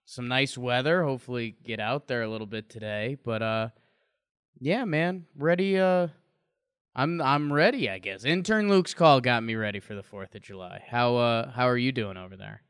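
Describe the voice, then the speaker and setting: A man's voice: mid-range voice, moderate pace, fairly bright tone, clean tone, no room sound. A man co-hosting a casual podcast chat, dry and teasing in his jokes. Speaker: podcast co-host. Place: home.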